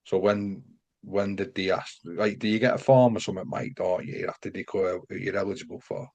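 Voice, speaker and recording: A man's voice: low voice, fairly even intonation, fairly quick, a little mellow. A man hosting a casual interview, chatty and matey, stringing several questions together. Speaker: podcast host.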